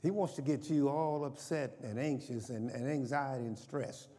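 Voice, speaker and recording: Older pastor, mellow timbre, call-and-response sermon, long church reverb. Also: male voice, mid-range voice, moderate pace. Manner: call-and-response, asks congregation questions. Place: church sanctuary.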